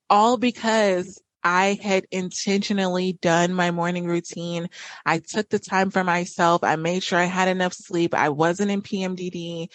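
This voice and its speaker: A woman's voice: lowish voice, dry recording. Woman host telling a story. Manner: chatty, with many fillers and restarts. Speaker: podcast host. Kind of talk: casual personal storytelling.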